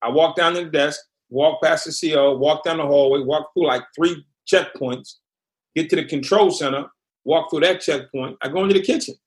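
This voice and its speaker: A man's voice: fairly high pitch, normal speed. A man from Massachusetts, a former prisoner, telling his story bluntly in an interview.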